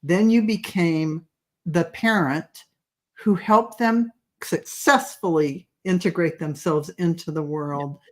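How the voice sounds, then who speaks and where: A woman's voice: on the low side, slow pace. A middle-aged woman co-hosting a casual chat, talking in a chatty way and giving the audience advice. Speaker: co-host.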